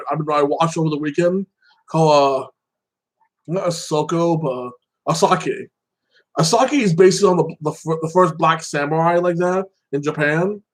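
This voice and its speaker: A man with a slightly high voice hosts a casual solo chat on his channel. He rambles, leans on "like that" and "you know", and greets viewers by name as he goes. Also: low-quality recording. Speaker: YouTube channel host.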